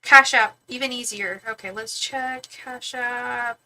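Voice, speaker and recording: A woman's voice: fairly high pitch, steady tone, slow, sharp tone, poor audio. A woman tarot reader on a live stream, chatting casually and affectionately with viewers, with lots of fillers.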